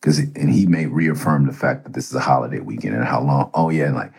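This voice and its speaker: Podcast host, middle-aged man, deep and husky, rambling and cursing through a story. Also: fast, darkish tone. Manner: profane, rambling, conversational. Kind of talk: casual storytelling.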